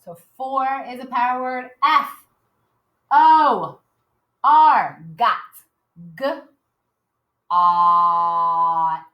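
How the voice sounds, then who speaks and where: A woman teacher slowly modeling a writing lesson for young children, sounding out letters with cheerful emphasis. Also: fairly high pitch, expressive, lo-fi sound. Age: adult. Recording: echoey room.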